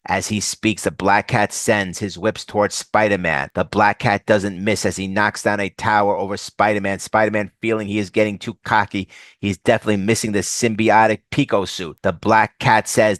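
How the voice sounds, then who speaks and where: A man narrating a comic book summary in a steady, scripted way. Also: fairly low pitch, normal speed, dry recording. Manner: steady plot recounting.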